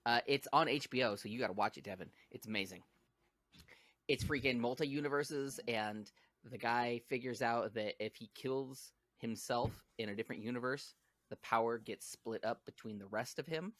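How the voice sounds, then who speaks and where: Bright-voiced man, enthusiastic podcast storyteller. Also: mid-range voice, moderate pace, no echo. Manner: enthusiastic storyteller, recaps movies. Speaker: podcast co-host. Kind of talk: casual chat.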